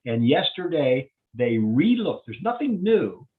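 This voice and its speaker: A man's voice: on the high side, very animated, unhurried. A man, a physician, giving a community health update and walking plainly through slides step by step. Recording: tinny phone-like line.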